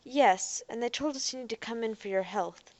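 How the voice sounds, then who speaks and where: A woman voicing a young woman who talks calmly and coaxingly to keep someone talking. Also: fairly high pitch, moderate pace, pitched above the performer's own voice, close to an everyday voice. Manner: soothing, coaxing. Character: young woman, calm and persuasive.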